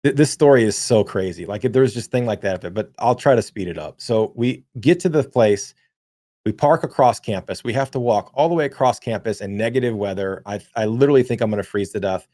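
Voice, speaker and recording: A man's voice: on the low side, a little fast, warm tone, dry recording, studio quality. A man in his thirties co-hosting a podcast, telling a long story casually with lots of swearing and filler words. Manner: rambling, profane, many fillers. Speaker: podcast co-host.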